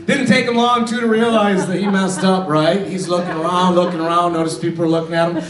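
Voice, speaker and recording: A man in his forties performs stand-up comedy on a theater stage, telling stories in a conversational way. His voice sits a bit high for a man. The sound is roomy and a bit distant, like a theater recording. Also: steady tone, a little fast, crowd noise. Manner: conversational storytelling, acts out family dialogue. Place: theater stage with a live audience.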